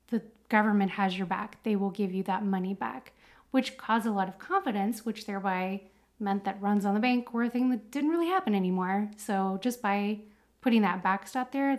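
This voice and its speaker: A woman co-hosting a podcast in a casual chat. She talks in a chatty, animated way, full of fillers, and her pitch sits in the middle of the range. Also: moderate pace. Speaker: podcast co-host.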